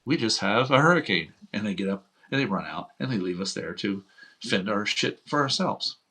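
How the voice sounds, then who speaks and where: A man's voice: fairly low pitch, animated, moderate pace, pushed and bright, breathy edge. A man from Houston hosting political commentary, talking in a blunt, profane, heated rant. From United States (Houston). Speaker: host.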